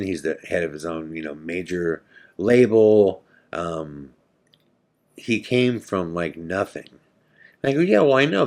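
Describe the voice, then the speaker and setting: A man hosting a podcast, telling a story in a casual, halting way, full of fillers and repeated words. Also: sits low. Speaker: podcast host.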